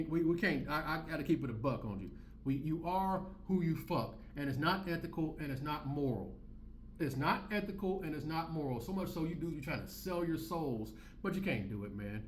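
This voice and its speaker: Animated ranting man in his forties. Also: fairly high pitch, roomy sound, slight background noise. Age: 40s. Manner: loud, profane, repetitive, streetwise slang. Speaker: commentary channel host. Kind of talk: ranting commentary.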